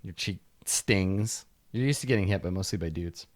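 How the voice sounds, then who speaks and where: A man running a tabletop game as game master, narrating in a halting way with many fillers and restarts. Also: deep voice, no echo.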